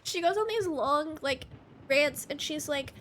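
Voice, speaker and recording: A woman's voice: high-pitched, lively intonation, unhurried, fairly bright tone, slight background noise. A woman streaming a game live, chatting casually with viewers in a rambling, giggly way.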